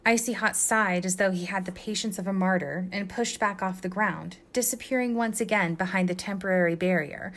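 Woman reading a story, expressive. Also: mid-range voice, a little fast, hardly any pauses. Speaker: guest reader. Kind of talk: reading fan fiction aloud.

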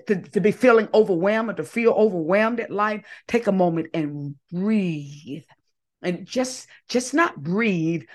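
A woman hosting an inspirational faith talk, coaxing listeners to repeat affirmations after her in call-and-response. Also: lowish voice. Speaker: podcast host.

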